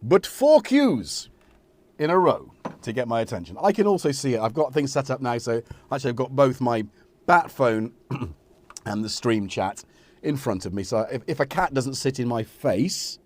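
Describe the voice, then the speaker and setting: A man's voice: mid-range voice, normal speed. A middle-aged man hosting a casual live stream, rambling and joking while he talks to his cats.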